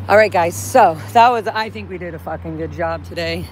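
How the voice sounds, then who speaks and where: A woman vlogging outdoors at a street protest, shouting slogans and then chatting in a strained voice. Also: fairly low pitch, brisk, hardly any pauses, slight background noise. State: voice strained, headache after hours of shouting. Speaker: vlogger protesting outside a building. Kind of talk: shouted street protest and casual chat to camera.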